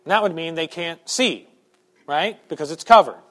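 A man with a high voice preaches to his congregation. He drops into quiet, conversational asides, then builds to loud, emphatic points. The delivery is the steady work of a pastor at the pulpit. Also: normal speed. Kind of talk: sermon. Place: church sanctuary.

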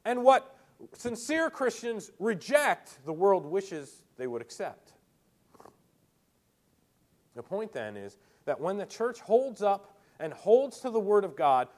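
A man preaching a sermon with a somewhat high voice that swoops widely. He tells stories with animation, acting out quoted voices as he goes. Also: measured pace. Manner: animated storyteller, acts out quotes.

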